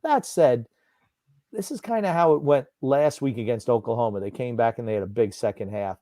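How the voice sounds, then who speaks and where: A man's voice: medium pitch, fairly quick, warm tone, dry recording. A man co-hosting a sports watchalong stream, commenting on a football game with dry, sarcastic jokes. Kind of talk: casual sports commentary chat.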